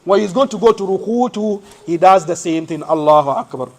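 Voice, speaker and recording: A fairly high-voiced man gives a mosque lesson. He quizzes his listeners with rhetorical questions and answers them himself. He walks through each point step by step. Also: fairly quick, vocal fry, darkish tone. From West Africa. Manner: explains step by step, shows hand positions as he speaks. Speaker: Islamic teacher.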